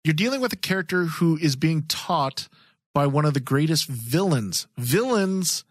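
A man's voice: on the high side, expressive, normal speed, clean studio sound. A man co-hosting a podcast in casual chat, laughing often and echoing his partner's lines. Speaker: podcast co-host.

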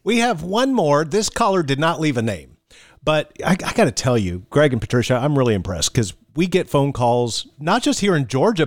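A man's voice: on the high side, no room sound. A man on a radio show introducing callers in a playful way. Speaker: show producer reading calls. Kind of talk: casual radio talk.

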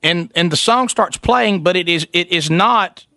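High, gravelly man telling a story. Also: measured pace, dry recording. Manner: animated, imitates people in falsetto while telling stories. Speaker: radio show co-host. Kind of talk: comic storytelling chat.

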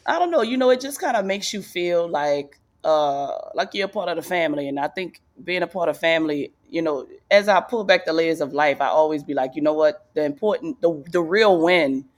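A woman comedian being interviewed in a casual podcast chat, loose and rambling, leaping into high excited voices when she quotes people. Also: brisk, hardly any pauses. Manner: loose, rambling delivery with restarts. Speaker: guest comedian.

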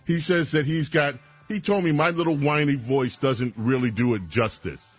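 A man's voice: medium pitch, normal speed, faint music behind. A man hosting a radio talk show, delivering an indignant, emphatic monologue with stammered restarts.

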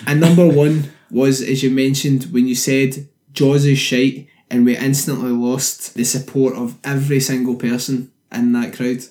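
A man's voice: medium pitch, flat delivery, normal speed, hardly any pauses, warm tone. A man co-hosting a podcast, chatting casually with dry, teasing, sweary humor. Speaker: podcast co-host. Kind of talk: casual chat. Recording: roomy echo.

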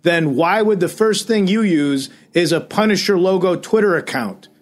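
A podcast co-host with a high voice, speaking at normal speed, rants and swears through exasperated casual chat. He calls himself a comedian.

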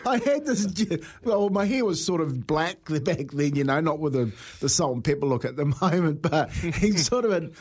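A man's voice: a little high, expressive, moderate pace, few pauses, darkish tone, husky. A middle-aged man co-hosting breakfast radio, telling rambling, laugh-filled stories and saying "mate" a lot. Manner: rambling storyteller, laughs often, says "mate". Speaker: radio co-host. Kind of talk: casual breakfast radio banter.

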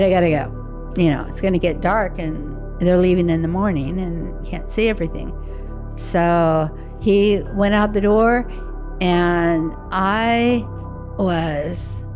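An older woman telling a personal story in a conversational way, acting out remembered dialogue. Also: lowish voice. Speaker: interview guest.

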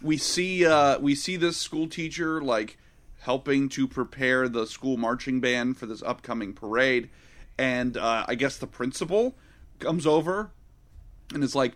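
A man's voice: mid-range voice, unhurried, fairly bright tone. A young adult man co-hosting a casual movie podcast, joking, swearing and acting out scenes. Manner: profane, jokey, acts out characters. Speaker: podcast co-host. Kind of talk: casual movie review chat.

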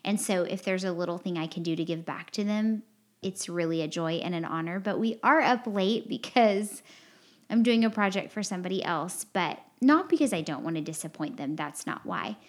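A woman's voice: on the low side, moderate pace. A woman hosting a podcast, sharing personal feelings in an earnest, rambling, heartfelt way with lots of fillers. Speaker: podcast host. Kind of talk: candid confessional podcast chat.

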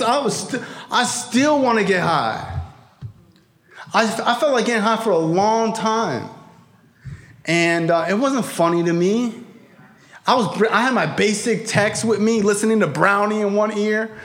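A man with a high, slightly bright voice shares his personal recovery story before a live audience, speaking casually with profanity, slang, and lots of fillers.

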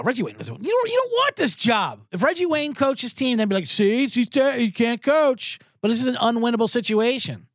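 A man's voice: fairly high pitch, dry recording, studio quality. A man hosting a sports betting podcast, ranting sarcastically with plenty of profanity. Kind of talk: comedic sports rant.

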